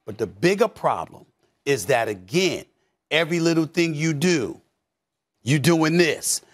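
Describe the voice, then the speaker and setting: A middle-aged man giving heated sports commentary, emphatic, repeating phrases and swinging from low mutters to shouts. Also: animated, unhurried.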